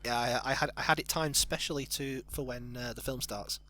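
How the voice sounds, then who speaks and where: A man's voice: medium pitch, fairly quick. A man co-hosting a film commentary from home, speaking with dry, sarcastic humour. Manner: dry, sarcastic, mock-deadpan. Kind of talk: joking film commentary chat.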